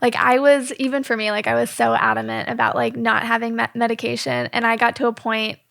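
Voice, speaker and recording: Woman podcast host, encouraging, gravelly and bright. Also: fairly high pitch, sing-song, fairly quick. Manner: encouraging, frequent affirming murmurs. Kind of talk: interviewing a guest.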